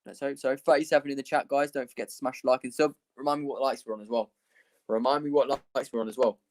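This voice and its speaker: A young man hosts a casual football watchalong stream. He talks in an easygoing, rambling way, thanking viewers and calling the play as it happens. His voice sits in an ordinary middle pitch. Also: steady tone, fast, a little mellow, slight background noise. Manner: chatty, rambling, laughs often. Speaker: livestream host.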